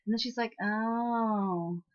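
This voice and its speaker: A woman's voice: medium pitch, normal speed. Woman rambling through a drama recap, lots of um and you know, kinda muffled lo-fi sound. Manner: chatty, full of fillers and asides. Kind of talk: casual spoken recap. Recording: slightly muffled lo-fi recording.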